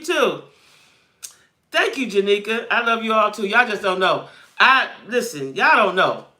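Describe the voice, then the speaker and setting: Chatty woman livestream host, bright tone. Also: medium pitch. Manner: chatty, talks straight to viewers and greets them by name; thinks aloud while fumbling with stream settings. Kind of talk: casual livestream chat.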